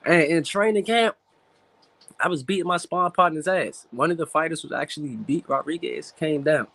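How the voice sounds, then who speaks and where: Candid, profane boxer telling a story. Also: male voice, a little high, normal speed, creaky, fairly bright tone. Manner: emotional about his late father. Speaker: professional boxer, guest. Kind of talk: casual interview talk.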